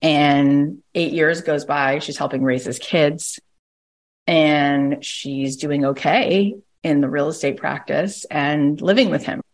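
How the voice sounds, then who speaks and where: Woman host-coach, middle-aged, low-ish voice, animated and emphatic when telling stories. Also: takes it slowly. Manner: animated storyteller, emphatic, uses "like" often. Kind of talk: coaching conversation, storytelling.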